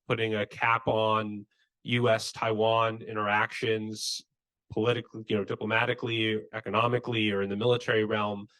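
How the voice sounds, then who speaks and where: A man answering on a policy panel in a conference room. His voice sits low and barely rises or falls. He lays out his reasoning in a measured, analytical way. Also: a bit bright.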